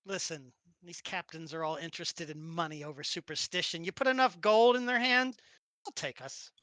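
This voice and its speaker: A woman's voice: on the low side, moderate pace, dry recording, pitched below the performer's own voice, close to an everyday voice. A woman voicing a cheeky, scrappy fox-girl thief in a tabletop role-play, at times in a put-on Brooklyn accent. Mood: scheming. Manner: deadpan, wheedling, cheeky.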